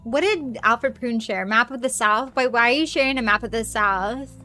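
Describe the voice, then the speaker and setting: A woman streaming a game and chatting casually with her viewers, excitable and quick to swear, squealing greetings when viewers arrive. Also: a little high, soft background music.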